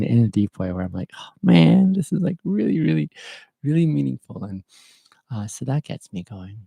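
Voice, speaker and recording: A man hosts a podcast in an earnest, rambling style, with lots of fillers as he tells a story. His voice sits very low and gravelly, with a husky, mellow tone. The recording is dry and close, with no room sound. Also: no echo. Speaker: podcast host. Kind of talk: casual chat.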